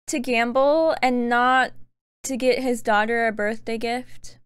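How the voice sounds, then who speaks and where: A woman in her twenties, chatty and excitable, giving casual reaction commentary. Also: a little high, clear, resonant tone, a faint crowd. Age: 20s. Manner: chatty, excitable, quick to laugh. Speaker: reaction streamer.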